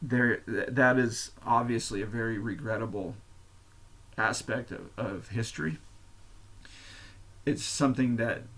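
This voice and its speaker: A man's voice: mid-range voice, creaky, fairly bright tone. A man with a middle-range voice talks alone on his podcast, loose and unscripted. He rambles, restarts his sentences, swears freely and laughs at his own asides. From United States. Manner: rambling, profane, laughing at himself. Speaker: podcast host. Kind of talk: unscripted casual monologue.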